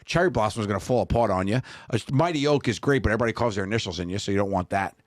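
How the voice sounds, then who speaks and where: A man co-hosting a podcast, chatting casually and trading quick wisecracks. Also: lowish voice, no echo, studio quality. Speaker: podcast co-host. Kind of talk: casual chat.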